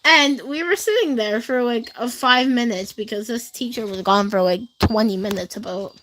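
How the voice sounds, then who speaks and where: On a rough recording with a little hiss or hum, a teenage girl speaks at normal speed in a fairly high, fairly bright voice. Talking directly to her livestream chat, she rambles through school stories in a chatty way, full of fillers.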